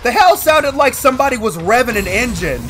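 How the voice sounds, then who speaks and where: A man's voice: extremely high pitch, sing-song, a little fast, fairly bright tone, soft background music. A man hosting a let's-play, trash-talking and whooping at enemies. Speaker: gaming video host.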